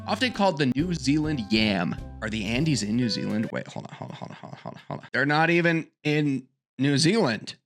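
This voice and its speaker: A man hosting a vlog, reacting to web searches with excitable, jokey, exaggerated reactions. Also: a little high. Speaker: host.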